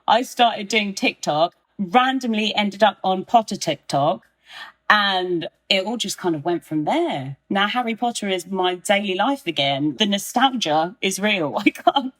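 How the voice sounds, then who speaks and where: A woman in her twenties, chatting as a podcast guest, talkative and quick to laugh. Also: mid-range voice, lively intonation. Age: 20s. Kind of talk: casual chat.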